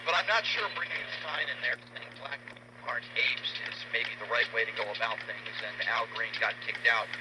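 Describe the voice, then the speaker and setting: Male political commentator, quick, mid-pitched, noisy played clip.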